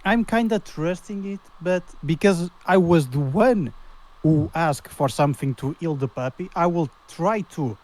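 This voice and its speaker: A man with a high voice plays a tabletop game. He thinks aloud in a casual, hesitant way. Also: unhurried, a little mellow. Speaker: player.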